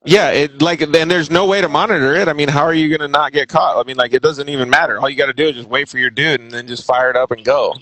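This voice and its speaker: A man's voice: a little high, fairly even intonation, fast, hardly any pauses, a bit bright, poor audio. A man hosting a casual chat show, talking in a laid-back, slangy, rambling way. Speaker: host.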